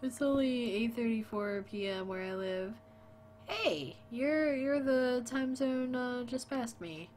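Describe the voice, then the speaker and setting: A woman's voice: on the high side, slow pace, a little mellow, a little hiss or hum. A woman streaming a game late at night, tired and chatty, talking to her viewers and her dog. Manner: sleepy, chatty, talks to chat and her dog. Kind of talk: casual gaming stream chat.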